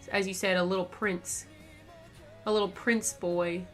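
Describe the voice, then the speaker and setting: A woman's voice: mid-range voice, level tone, measured pace, soft background music. A woman chatting casually on her art stream, rambling with lots of fillers and little laughs. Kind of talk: casual chat while drawing on stream.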